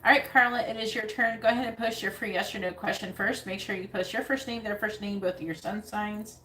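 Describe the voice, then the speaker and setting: A woman's voice: mid-range voice, fairly even intonation, fairly quick, bright, forceful tone. A woman doing a live-streamed psychic reading, repeating her questions again and again and breaking off for casual asides. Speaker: psychic reader. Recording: echoey room with background noise.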